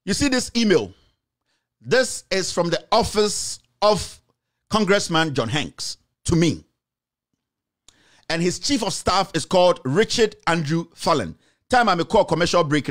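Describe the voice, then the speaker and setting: High, lively Ghanaian man ranting. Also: moderate pace. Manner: emphatic, repeats himself, slips into Twi phrases. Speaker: online show host and journalist. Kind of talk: impassioned political commentary.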